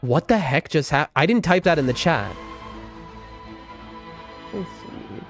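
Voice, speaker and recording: Male streamer, slightly high voice, very animated, rambling chat over faint game music. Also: brisk. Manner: rambling, excitable, chatting with viewers. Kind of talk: casual live-stream chat.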